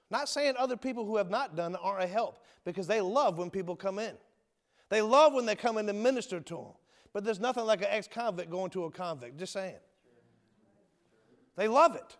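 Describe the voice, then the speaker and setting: A man preaching a sermon and giving his testimony as a former convict, swinging from emphatic shouts to low near-whispers in a folksy manner. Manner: folksy, calls listeners brother and my friend. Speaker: preacher, ex-convict prison minister. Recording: long hall reverb.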